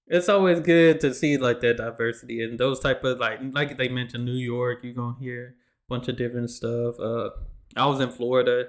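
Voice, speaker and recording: A man hosting a reaction video, chatting casually in a relaxed, easygoing way. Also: mid-range voice. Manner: laid-back, chatty, says y'all.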